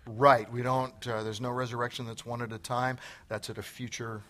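A man's voice: mid-range voice, little pitch movement, normal speed, bright, forceful tone. A man giving an earnest, emphatic sermon on a church stage, often quoting scripture, then answering questions. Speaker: Bible teacher. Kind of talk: sermon then onstage conversation.

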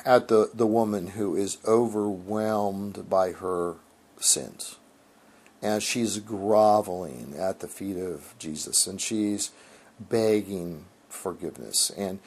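A man's voice: low voice, slow, a little mellow. A man, a Christian author, explaining theology in an earnest, emphatic conversational way, with frequent restarts.

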